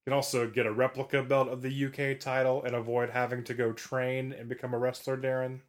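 A young man co-hosting a podcast, teasing his partner in quick-witted casual banter. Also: medium pitch, little pitch movement. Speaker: podcast co-host.

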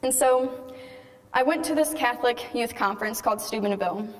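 A woman's voice: on the high side, a little fast. A teenage girl giving a chatty personal testimony talk to a live audience and acting out bits of dialogue as she tells her story. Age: teens. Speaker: speaker giving a faith testimony. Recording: long hall reverb.

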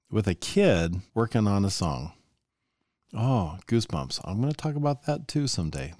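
Lively, enthusiastic man. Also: on the low side, no echo, clean studio sound. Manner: enthusiastic, asks the listener rhetorical questions. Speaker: music teacher and podcast host. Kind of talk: solo podcast monologue.

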